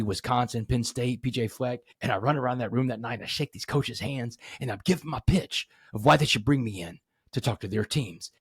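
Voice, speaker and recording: A man's voice: mid-range voice, creaky, slightly rough, no room sound. Emphatic man telling his story, dry sound. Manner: emphatic, rising to animated peaks; addresses host directly, asks rhetorical questions. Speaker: podcast guest, motivational speaker. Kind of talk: storytelling in a podcast interview.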